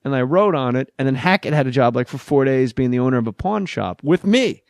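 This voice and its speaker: A man's voice: mid-range voice, fairly quick, no room sound, clean studio sound. A man hosting a podcast, telling a long story in a casual chat and slipping into funny voices. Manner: animated, slips into character voices mid-story. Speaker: podcast host.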